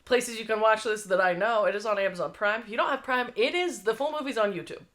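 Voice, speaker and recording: A woman's voice: a little high, fast talker, a bit bright. Giggly woman co-hosting a live stream. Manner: playful, giggly banter. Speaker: co-host. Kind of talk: casual chat.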